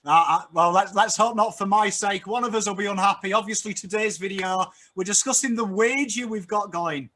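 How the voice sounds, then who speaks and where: A man's voice: high voice, brisk, hardly any pauses, bright, forceful tone. A man trading jokes in casual banter, wry and joking. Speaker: guest.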